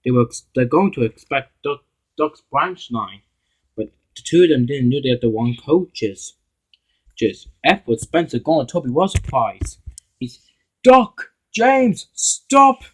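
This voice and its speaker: A man reading an amateur fan story aloud, with halting delivery and frequent restarts. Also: mid-range voice, animated, a little mellow, slightly rough, poor audio. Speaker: narrator and voice of all characters.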